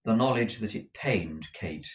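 A man's voice: fairly low pitch, animated, unhurried, low-quality recording. A man reading a classic novel aloud as an audiobook, often stumbling and restarting words. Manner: frequent restarts and self-corrections. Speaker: audiobook reader.

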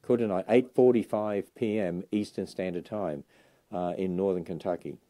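A man in his sixties, an Australian ministry leader, leads an enthusiastic, chatty livestream tour of a bookstore, dropping lots of "uh" fillers. He speaks at normal speed in a low, dark voice with fairly even intonation.

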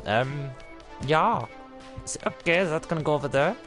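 Playful man streaming a game, slightly high voice. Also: expressive, unhurried, a bit bright, soft background music. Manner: playful, rambling mock-surgeon talk with many restarts. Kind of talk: live gaming commentary.

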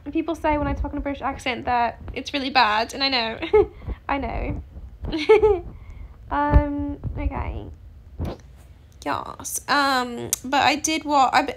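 Casual gaming host: young woman, unhurried and hesitant, gravelly edges. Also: high voice, slight background noise. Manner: rambling, hesitant, lots of fillers. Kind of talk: casual gameplay chat.

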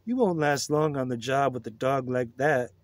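A man voicing a wry, mellow male hippie drifter with a slightly raised, relaxed voice. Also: medium pitch, normal speed, dry recording, pitched above the performer's own voice, natural voice.

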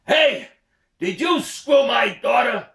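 A man voicing an angry older lodge owner, a father who demands answers and yells in indignation. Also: high-pitched, big pitch swings, normal speed, pitched above the performer's own voice. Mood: yelling. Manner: indignant, yelling. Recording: echoey room, distant mic.

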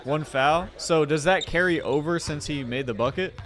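A man giving casual, excited play-by-play commentary on a basketball game, full of slang. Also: fairly high pitch, moderate pace, faint music behind, a faint crowd. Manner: excited, chatty, loose slang.

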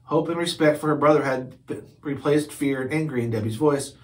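A man reads a children's chapter book aloud. His narration is steady and clear, and his voice sits a little high for a man. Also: brisk. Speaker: read-aloud host.

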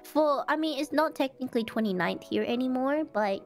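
A woman with a fairly high voice that jumps around as she reacts to her friends on a livestream. She is bubbly and excitable, and laughs easily. Faint music plays in the background. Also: a little fast. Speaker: guest co-streamer. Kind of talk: casual chat with friends on a livestream.

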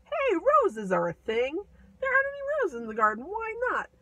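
A woman voicing an excitable young girl in a storybook, shrill and breathless. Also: a little fast, dry recording, recorded from a distance, heavily acted. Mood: frantic.

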